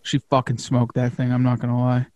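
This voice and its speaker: A man hosting a casual hunting podcast, talking excitedly with lots of fillers and the odd curse word. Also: mid-range voice, a little fast, dry recording, lo-fi sound. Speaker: podcast host.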